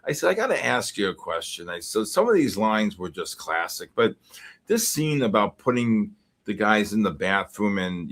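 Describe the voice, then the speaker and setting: A man from the Bronx, hosting a live futures trading stream and reacting excitably to the market while greeting viewers. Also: fairly low pitch, moderate pace. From the Bronx, New York. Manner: excitable, greets chat names in bursts. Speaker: host and futures trader.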